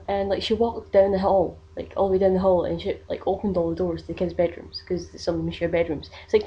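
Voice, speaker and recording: A woman's voice: lowish voice, little pitch movement, fast talker, few pauses, dark tone. Rambling young woman. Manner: rambling, many fillers like "like" and "um". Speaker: vlogger. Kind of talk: casual storytelling vlog.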